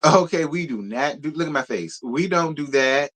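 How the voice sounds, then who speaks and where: Sassy, animated male livestream host. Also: fairly high pitch, normal speed. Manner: sassy, animated, talks straight to his viewers. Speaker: live show host. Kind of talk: casual live-stream chat.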